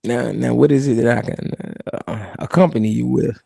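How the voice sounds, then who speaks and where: A man imitating a calm, well-connected older boss who talks slowly and lectures soothingly. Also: mid-range voice, gravelly, slightly rough, no echo, clean studio sound, voice pushed down. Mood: calm lecturing. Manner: slow, soothing, lecturing drawl.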